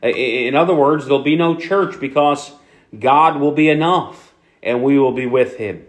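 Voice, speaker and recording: A man's voice: medium pitch, moderate pace. A man with a Philadelphia accent preaching a sermon to his congregation, conversational, with many fillers and restarts. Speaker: pastor.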